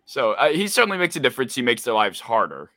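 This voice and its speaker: A man's voice: mid-range voice, big pitch swings, fast talker, bright, forceful tone, no echo, clean studio sound. A man, a podcast guest, defending his point in casual banter. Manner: defensive, backpedalling.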